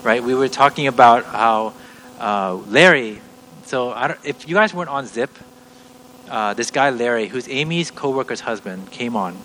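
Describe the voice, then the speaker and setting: A man's voice: medium pitch, animated, normal speed, pushed and bright, slight background noise, low-quality recording. A middle-aged man teaching a sermon, earnest and explaining step by step, often restarting his sentences. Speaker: preacher.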